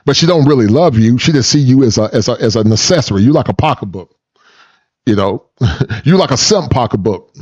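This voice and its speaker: A man's voice: mid-range voice, lively intonation, fairly quick, a little mellow, breathy edge. Preachy man with a dull lo-fi sound. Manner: preachy, repeats words, mocking impressions. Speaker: commentary channel host reacting to clips. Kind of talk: reaction commentary.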